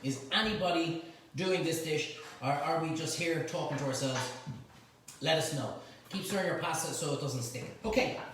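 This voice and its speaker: A man's voice: on the high side, moderate pace. A middle-aged man with an Irish accent hosts a live cooking demonstration in his home kitchen, talking his viewers through a recipe and teasing his helpers with banter. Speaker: cooking show host. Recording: echoey kitchen, mic at a distance, faint noise.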